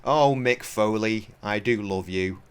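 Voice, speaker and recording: A man's voice: fairly low pitch, slow, clean tone. A young man streaming a video game, rambling and swearing in a self-mocking, casual way. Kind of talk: casual gameplay commentary.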